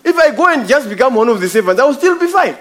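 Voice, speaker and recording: A man's voice: extremely high pitch, big pitch swings, fast talker, a bit bright. A man preaching a sermon, emphatic and repetitive, calling his listeners brother. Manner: emphatic, repeats phrases, addresses listeners as brother.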